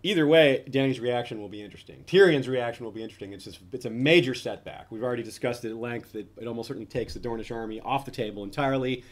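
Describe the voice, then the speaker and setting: A man's voice: mid-range voice, quick pace, few pauses. Man chatting through fan theories. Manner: speculative, thinks aloud with restarts. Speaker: podcast co-host. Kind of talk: casual fan discussion.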